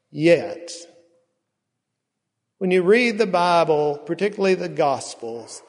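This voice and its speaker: A man's voice: on the high side, a little mellow. A man preaching in a slightly raised voice, taking his time over every phrase. His words ring out with a long reverb, as in a large church sanctuary. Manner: slow, drawn-out storytelling with emphatic pauses. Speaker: pastor. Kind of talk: sermon.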